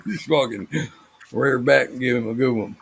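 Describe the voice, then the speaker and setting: A man's voice: mid-range voice, lively intonation, a little slow, vocal fry, slight background noise. A young man hosting a live stream, chatting casually with friends in a laid-back, profane way and laughing often. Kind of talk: casual banter among friends.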